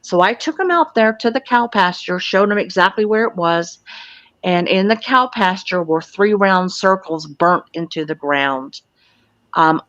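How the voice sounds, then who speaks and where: A woman's voice: fairly low pitch, no echo. A woman in her sixties from Florida, a guest recounting a personal experience in an earnest, matter-of-fact way. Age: 60s. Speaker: guest, UFO field investigator. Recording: dull lo-fi, dry.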